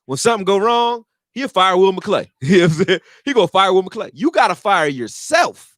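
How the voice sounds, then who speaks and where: A man with a high voice rants casually about football at a moderate pace, swearing freely and performing quotes with lots of animation. He makes football videos as a fan commentator, and the dry recording has studio quality.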